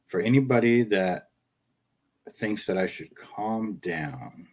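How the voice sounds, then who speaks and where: Male host, lower voice, easygoing commentary, lets sentences trail off. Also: slow pace, a little mellow. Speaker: streamer host reacting to clips. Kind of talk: casual commentary.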